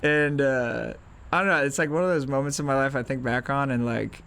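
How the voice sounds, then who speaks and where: A young man being interviewed as a musician, telling anecdotes in a relaxed, slangy way and acting out the people in them. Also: mid-range voice, a little fast, vocal fry, clean tone. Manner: animated, acts out voices in anecdotes. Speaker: guest musician. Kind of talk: casual storytelling.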